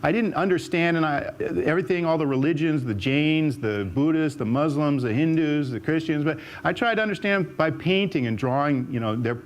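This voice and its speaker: An older man from the United States stands on an auditorium stage sharing stories from his own life. Warm and rambling, he restarts often and repeats words, and when he voices what others said, his pitch leaps upward.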